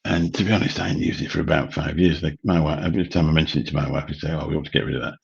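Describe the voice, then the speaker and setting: Man, late 50s, livestream host; husky, very deep, chatty and rambling. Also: fairly even intonation, very fast, lo-fi sound. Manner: rambling, chatty, swears casually. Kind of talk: late-night livestream chat. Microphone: studio mic through a mixer.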